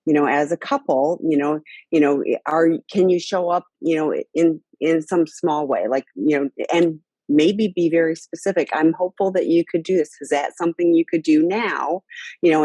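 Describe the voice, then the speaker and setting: A woman's voice: low-pitched, mellow, no room sound. A woman hosting a podcast, chatting casually and hesitantly with frequent restarts and "you know"s. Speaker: podcast host. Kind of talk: casual chat.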